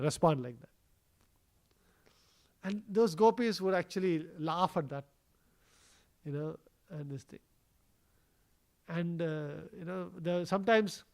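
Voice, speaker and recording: A man giving a scripture class in a temple, telling the story in a conversational way, with many fillers. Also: high voice. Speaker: temple speaker. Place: temple hall.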